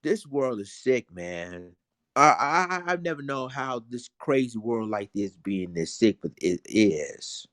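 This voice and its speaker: A man's voice: mid-range voice, expressive, unhurried, fairly bright tone, no room sound, clean studio sound. A man vlogging emotional commentary, indignant and repetitive, talking straight to his viewers.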